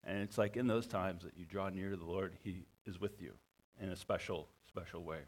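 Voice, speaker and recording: A man preaching a sermon as a pastor, halting and often repeating his words. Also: sits low, steady tone.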